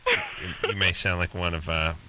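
A man co-hosting a late-night call-in radio show, talking in a quick, sarcastic, joking way. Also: low-pitched, wildly swooping pitch, very noisy. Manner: wisecracking, sarcastic.

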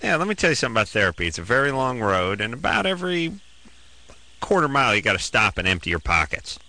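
A man's voice: medium pitch, very animated, quick pace, pushed and bright. A man co-hosting a call-in radio show, cracking sarcastic jokes and riffing between questions. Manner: sarcastic, joking. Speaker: radio co-host.

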